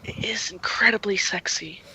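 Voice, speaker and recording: A woman's voice: mid-range voice, moderate pace, bright, forceful tone, husky, low-quality recording. A woman player joking playfully with the others at a tabletop game. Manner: playful, jokey. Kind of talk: casual tabletop chat.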